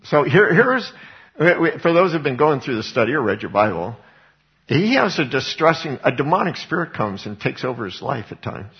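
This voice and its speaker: A man's voice: mid-range voice, very animated, moderate pace, muffled recording. A man preaching a Bible teaching sermon, retelling scripture as conversational storytelling. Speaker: pastor.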